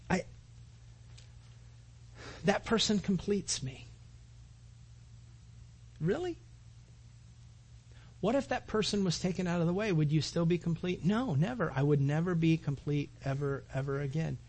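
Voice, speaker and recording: A man delivers a sermon in a somewhat high, husky voice. He speaks earnestly, repeats key phrases, and swells to forceful, emphatic climaxes before dropping back to a gentler tone. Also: moderate pace, pauses often. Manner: earnest preaching, repeats phrases and rises to loud emphatic peaks. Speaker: pastor.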